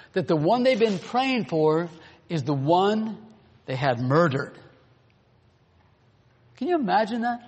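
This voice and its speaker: A man's voice: high-pitched, husky. A man preaching a sermon, earnest and full of rhetorical questions to the congregation. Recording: long hall reverb.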